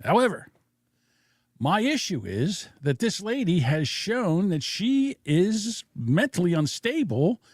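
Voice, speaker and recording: A man's voice: high voice, very animated, slow pace, no room sound, studio quality. A man co-hosting a podcast, giving blunt opinions in casual chat and rambling with restarts and fillers. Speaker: podcast co-host.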